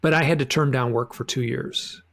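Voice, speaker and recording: Gravelly man rambling with restarts. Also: medium pitch, steady tone, moderate pace, fairly bright tone. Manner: rambling, many restarts and repeated words. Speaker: guest author. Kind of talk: casual interview chat.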